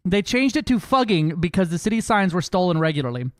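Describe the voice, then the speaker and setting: An American man streaming a space game, chatting loudly and profanely, joking with his chat. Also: sits high, big pitch swings, fast, dry recording, studio quality. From United States. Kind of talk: casual live-stream chat.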